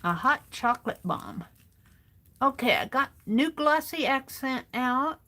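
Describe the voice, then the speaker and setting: A woman's voice: high-pitched, expressive, unhurried, bright, forceful tone. A woman hosting a casual crafting livestream, talking herself through each step as she works and reading viewers' comments aloud.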